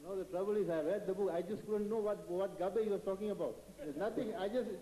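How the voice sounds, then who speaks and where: A man in the audience asks a question, halting and restarting as he searches for words. His voice is high-pitched but very dark. The recording carries the long, echoing reverb of a large hall. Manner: halting, many fillers and restarts. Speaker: audience member asking a question. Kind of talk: hesitant questioning. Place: large auditorium. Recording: echoey hall.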